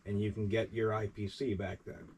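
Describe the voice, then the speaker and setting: Correction officer, man, New York accent, casual storyteller who swears, low voice, distant mic. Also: flat delivery, moderate pace, darkish tone. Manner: rambling anecdote, quotes others with "I says", casual swearing. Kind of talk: interview storytelling. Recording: distant mic with faint background noise.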